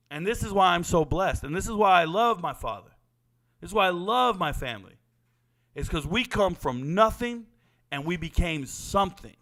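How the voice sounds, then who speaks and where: A man's voice: high-pitched, a bit bright. A man, giving a blunt, profane monologue as a sports talk host. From Southern California. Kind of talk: impassioned monologue.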